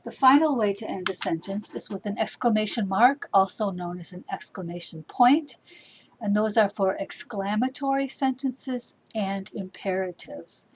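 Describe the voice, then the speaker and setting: A woman with a soft, breathy voice walks students through a writing lesson. She thinks aloud as she edits, one step at a time, and sometimes acts out the example sentences. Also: mid-range voice, low-quality recording. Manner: explains step by step, thinking aloud while editing; reads example sentences with acted emotion. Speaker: writing teacher. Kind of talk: recorded grammar lesson for middle schoolers.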